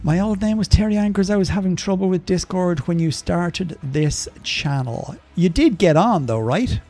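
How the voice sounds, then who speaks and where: Older guy on a game stream, chatty and rambly, higher pitch but mellow, faint music behind. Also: lively intonation, normal speed. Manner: chatty and rambling, full of ums and asides. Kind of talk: casual live-stream chat answering viewers.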